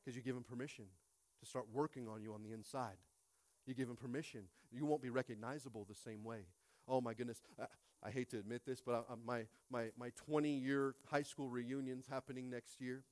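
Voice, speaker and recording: A pastor in his late thirties preaching a sermon, emphatic, swinging from quiet to loud and repeating phrases. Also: mid-range voice, fairly even intonation, fairly quick, no echo.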